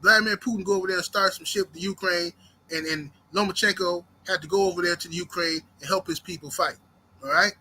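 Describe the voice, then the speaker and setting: This man hosts a heated boxing commentary in a high-pitched voice with a sharp, forceful edge, talking at a quick pace with fairly even intonation. He swears freely, fires rhetorical questions at listeners, and stays intense and combative throughout. A slight hiss or hum sits under the recording.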